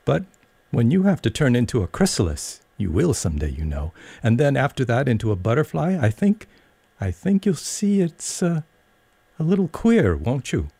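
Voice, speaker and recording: A man's voice: medium pitch, sing-song, moderate pace, gravelly, dark tone, breathy edge, no room sound, voice pushed up, heavily acted. A man voicing a polite, shy young girl in a storybook reading, speaking hesitantly. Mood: polite, earnest.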